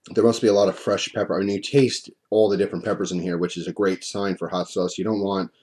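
A man reviewing hot sauce on video in a relaxed, rambling way, his mouth burning and drooling as he talks at his desk. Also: low-pitched. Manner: relaxed, chatty, rambling with restarts.

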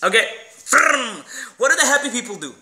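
A man delivering an emphatic, animated motivational vlog monologue, swearing casually as he talks. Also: sits high, brisk, very noisy. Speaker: motivational vlogger.

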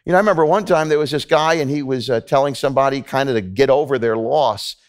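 A man's voice: medium pitch, quick pace. A man preaching a sermon in a church, talking earnestly and conversationally to the congregation, often repeating himself. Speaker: pastor. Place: church sanctuary.

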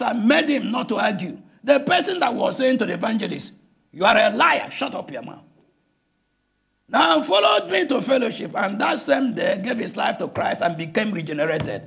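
An older Nigerian pastor preaches with a rough, gravelly voice. His pitch sits high and swings widely as he calls out to the congregation, often breaking into shouts. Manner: impassioned preaching with frequent shouts and "listen to me". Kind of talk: sermon.

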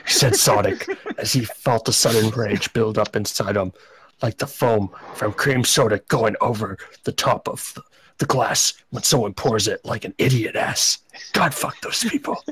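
A man narrating a comedic fan story aloud, in deadpan delivery with crude asides. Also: fairly low pitch, moderate pace, slight background noise. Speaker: narrator and reader.

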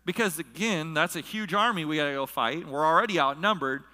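A man's voice: on the high side, quick pace, hardly any pauses, pushed and bright. A middle-aged male pastor preaching a sermon, telling a personal story and acting out the people in it. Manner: storytelling, acts out quoted voices. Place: large church hall. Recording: long reverb of a large hall.

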